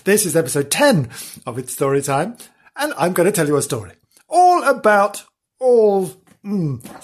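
A man narrates a parody children's story with a bouncy, sing-song delivery, swinging up and down in pitch. His voice is husky, and he keeps breaking off into rambling asides. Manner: over-excited, giggly, rambling. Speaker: storyteller host.

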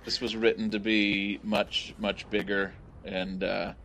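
A man speaking as a guest filmmaker on a podcast, relaxed and explaining behind-the-scenes details in casual film commentary. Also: on the low side, slow pace.

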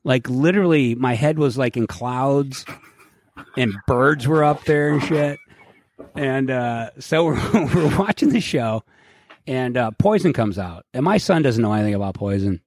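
A middle-aged man co-hosting a podcast, telling a profane story in a casual, animated way and acting out what people said. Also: medium pitch, unhurried, no room sound, studio quality. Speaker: podcast co-host.

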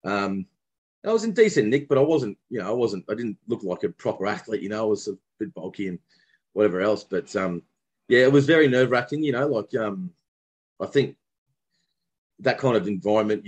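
Fairly low and a little mellow with a breathy edge, this Australian-accented man from Brisbane reminisces about his cricket career. As an interview guest and former cricketer, he rambles casually and keeps restarting his sentences.

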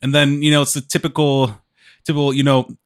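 A man's voice: medium pitch, little pitch movement. A man in casual conversation, retelling movie scenes, laughing often and acting out characters' lines. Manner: laughs often, acts out lines in quick quotes.

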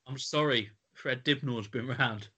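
A man's voice: mid-range voice, slow pace, sharp tone, slightly rough. A man hosting a podcast quiz in casual chat, playful and giggly, often tripping over his words. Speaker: podcast host running a quiz.

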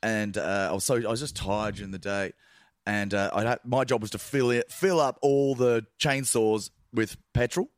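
A man, a podcast guest telling loose, animated anecdotes in casual chat. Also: on the low side, moderate pace, no echo, studio quality.

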